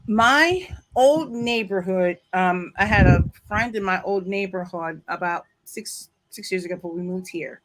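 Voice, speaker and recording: A woman's voice: mid-range voice, measured pace, hardly any pauses, noisy background. A woman vlogger telling a long story in a casual, digressive way at home, with frequent asides and apologies. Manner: animated, laughing. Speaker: commentary vlogger. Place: home, near her back window.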